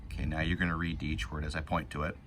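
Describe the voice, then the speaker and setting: A man teaching young children to read, reading a picture book slowly and patiently, word by word. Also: a bass voice, flat delivery, a bit bright, a little hiss or hum.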